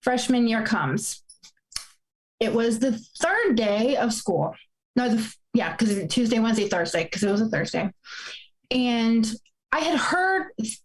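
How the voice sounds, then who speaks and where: A woman's voice: a little high, low-quality recording. A woman in her forties telling a painful personal story, fighting back tears as she speaks. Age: 40s. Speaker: guest.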